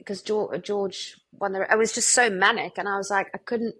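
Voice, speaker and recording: A woman, a podcast guest, telling her own anecdotes in a lively, animated way. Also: medium pitch, moderate pace, poor audio. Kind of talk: casual storytelling in a podcast interview.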